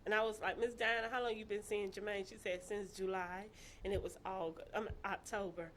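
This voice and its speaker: A woman telling her own story in casual chat, animated and laughing, acting out the voices of people she quotes. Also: medium pitch, a little fast, slight background noise.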